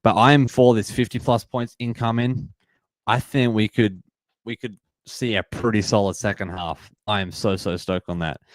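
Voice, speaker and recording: A man in his twenties with an Australian accent, hosting a live sports watch-party stream and chatting excitedly while reading out and greeting viewers from the chat. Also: on the low side, moderate pace, dry recording. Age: 20s. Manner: upbeat, reads and greets chat viewers, repeats phrases. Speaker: livestream host.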